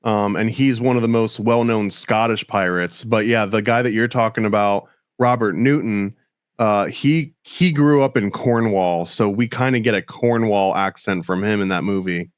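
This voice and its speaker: A young adult man co-hosting a podcast, talking with enthusiasm and filling pauses with "like" and "um". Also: fairly low pitch, clean tone, no echo, studio quality. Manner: enthusiastic, fills with "like" and "um". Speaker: podcast co-host. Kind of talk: casual chat.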